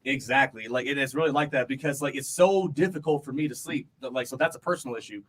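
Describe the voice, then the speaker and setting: A man's voice: mid-range voice, quick pace. Rambling podcast co-host man. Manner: rambling, lots of "like" and "bro", laughs easily. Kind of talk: casual chat.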